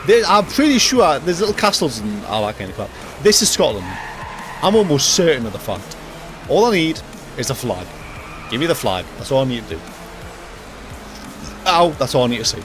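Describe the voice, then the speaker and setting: A young man streaming a racing game live, joking and talking to himself with excitable reactions. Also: medium pitch, moderate pace, pauses often. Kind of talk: live gaming commentary. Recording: loud game music behind voice. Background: racing game music and engine sounds.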